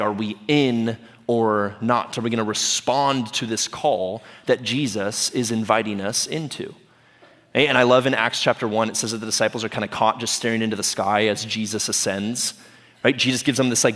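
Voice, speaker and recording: A man's voice: medium pitch, fairly bright tone. A man preaching a sermon as pastor in a conversational, humorous way, often checking in with the audience. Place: church auditorium. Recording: long reverb of a church hall.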